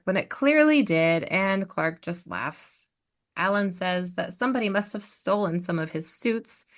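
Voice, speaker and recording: A woman hosting a podcast, recapping a TV episode as an animated storyteller. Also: on the low side. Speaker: podcast host.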